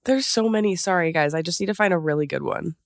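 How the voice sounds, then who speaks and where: A woman in her twenties co-hosting a casual podcast, giggly and animated, slipping into exaggerated voices when she quotes people. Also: lowish voice, fast. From Arizona. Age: 20s. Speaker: podcast co-host. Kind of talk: casual chat.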